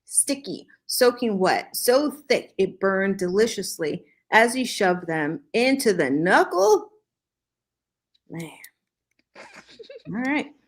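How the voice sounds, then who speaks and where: Very animated, her mid-range voice takes things slowly, with frequent pauses. The woman hosts a podcast, reading fan fiction aloud in a dry manner punctuated by humorous asides and laughter.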